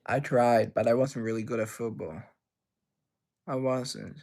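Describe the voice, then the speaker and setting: Young guy with a gravelly voice, livestream host, reads chat out loud and rambles back. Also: mid-range voice, fairly even intonation, a little slow. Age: young adult. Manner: reads chat aloud and answers, rambling and playful.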